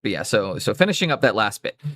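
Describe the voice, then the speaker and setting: A man's voice: on the low side, big pitch swings, fast talker, a bit bright. A Canadian man chatting casually on a live stream while painting, rambling and correcting himself as he goes. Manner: rambling, self-correcting, easygoing.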